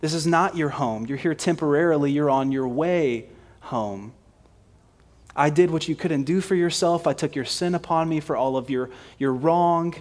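A man's voice: on the high side, normal speed, a little mellow. A man preaching a sermon in a conversational, emphatic way. He asks rhetorical questions and often repeats words.

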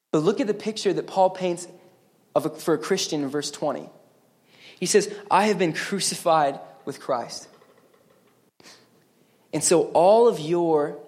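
Earnest man preaching a sermon. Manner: earnest, emphatic preaching that rises higher and louder on exhortations; conversational asides and checks with the congregation. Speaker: pastor.

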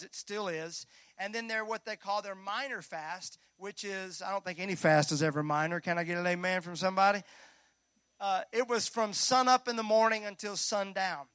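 A male pastor preaching a Sunday sermon in a church, energetic and joking with the congregation. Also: sits high, no echo. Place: church sanctuary.

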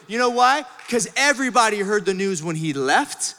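Middle-aged male pastor, high, bright voice, big swings from shouts to hushed asides, long hall reverb. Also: animated, moderate pace, hardly any pauses. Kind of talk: sermon. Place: church auditorium.

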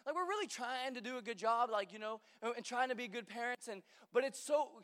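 Very high-voiced young man preaching. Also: a little fast, fairly bright tone, smooth. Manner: chatty, joking storyteller with many fillers. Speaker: pastor. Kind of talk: conversational sermon. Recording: long hall reverb.

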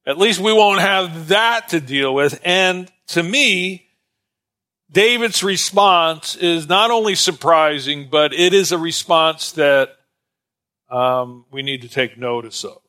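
A man's voice: a little high, slow, pushed and bright. A man teaching an informal Bible lesson in a conversational, digressive way with many fillers.

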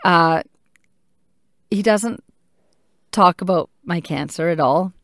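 A woman in her thirties talks openly about family life, pausing often to think aloud. Her voice sits low and even, and the recording is close and dry with no room sound. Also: no room sound. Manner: candid, reflective, thinking aloud with pauses. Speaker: mother. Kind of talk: personal talk to camera.

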